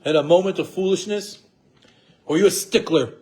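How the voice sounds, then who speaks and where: A middle-aged man teaching a class on marriage, lively with rhetorical questions and acting out what spouses say. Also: high-pitched, normal speed, long pauses. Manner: animated, rhetorical questions, acts out quoted spouses. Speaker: Torah teacher.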